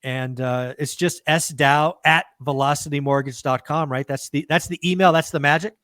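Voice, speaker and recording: A man's voice: a little high, steady tone, moderate pace, a bit bright, no echo. A man hosting an interview podcast, speaking in an upbeat, emphatic way and addressing listeners directly. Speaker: podcast host. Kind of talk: casual interview chat.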